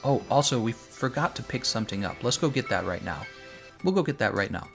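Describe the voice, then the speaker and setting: Young male game streamer, opinionated and animated, lively up-and-down delivery, faint music under him. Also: medium pitch, a little fast, vocal fry. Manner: animated, opinionated, laughs often. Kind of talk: casual livestream chat while playing.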